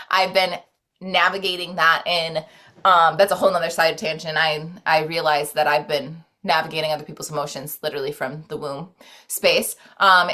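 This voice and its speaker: A woman's voice: on the low side, fairly bright tone. Rambling, earnest woman podcast guest. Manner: rambling, earnest, many "like"s and restarts. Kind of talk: casual conversation about self-care and spirituality.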